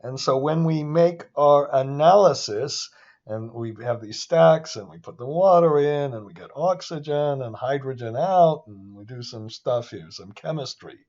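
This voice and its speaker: A man giving a casual, rambling lecture on a screen share, excitable and often interrupting himself. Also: medium pitch, unhurried, highs cut off. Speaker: finance instructor.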